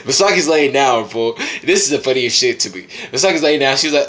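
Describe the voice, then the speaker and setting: A man who is high and tipsy, reviewing a manga chapter in a casual, profane vlog full of slang and laughing asides. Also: quick pace, hardly any pauses, fairly bright tone.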